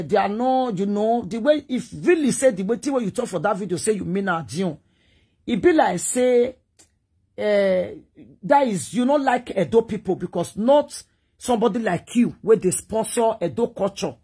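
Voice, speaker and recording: Husky Nigerian woman, pleading and rambling. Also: on the high side, mellow. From Edo State, Nigeria. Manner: pleading, rambling, addresses viewers directly. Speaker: live-stream commentator. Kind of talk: casual live-stream monologue.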